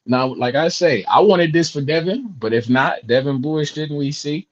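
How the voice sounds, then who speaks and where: A man talks boxing with loose, profane humor and keeps breaking into laughs. His voice sits a little high. The stream audio is dull and lo-fi. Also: normal speed. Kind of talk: casual fight chat.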